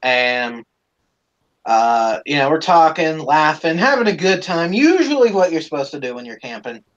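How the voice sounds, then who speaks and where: Male stream host, swearing storyteller, lively pitch, lo-fi audio. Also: normal speed. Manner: profane, rambling, animated. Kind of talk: casual storytelling.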